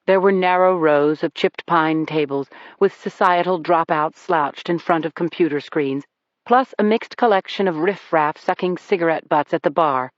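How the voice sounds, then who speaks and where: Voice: medium pitch, normal speed, no room sound. An audiobook narrator reading a first-person crime thriller with wry, dry delivery. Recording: dull dry recording.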